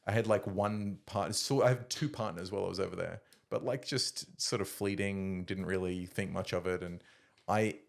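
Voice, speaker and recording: Deep gravelly Australian man. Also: fairly even intonation. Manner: halting, filler-heavy, self-deprecating storytelling. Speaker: podcast guest. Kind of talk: casual conversation.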